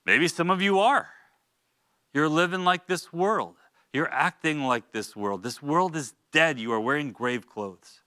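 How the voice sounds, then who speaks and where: A man's voice: a little high, unhurried, pushed and bright, clean tone, no echo, studio quality. A man teaching a Bible study in a church, reading scripture and urging listeners with earnest, informal asides. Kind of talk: expository Bible teaching with exhortation.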